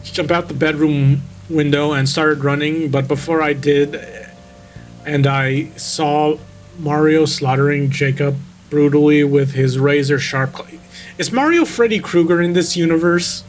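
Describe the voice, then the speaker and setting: A man's voice: a little high, steady tone, measured pace, faint music behind. A man reading a creepypasta aloud and mocking it with sarcastic, casually profane commentary.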